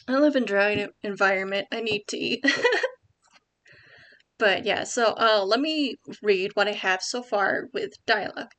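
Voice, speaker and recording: A woman's voice: medium pitch, normal speed, few pauses, fairly bright tone. A young woman at home giving casual writing tips over a screen share, rambling with many ums and likes and correcting herself as she goes.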